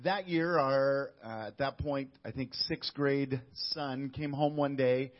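A man's voice: medium pitch, slow. Man telling a story on a lo-fi podcast. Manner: tells stories, acting out quoted dialogue. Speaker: missionary guest. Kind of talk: casual interview storytelling.

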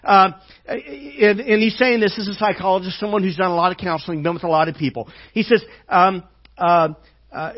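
A male pastor preaching a sermon in a fairly high voice, halting and full of fillers. He often sinks to a hushed, slow delivery on tender lines. The church recording sounds dull and lo-fi.

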